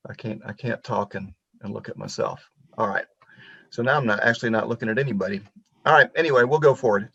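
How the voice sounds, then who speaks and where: A man in his fifties from Pensacola, Florida, tells history stories in an earnest, reflective way and often restarts his sentences. His voice sits at an ordinary pitch for a man. It comes over a computer mic on a video call, dry and a little dull and lo-fi. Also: vocal fry, a bit bright, no echo. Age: 50s. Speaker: guest speaker on local history.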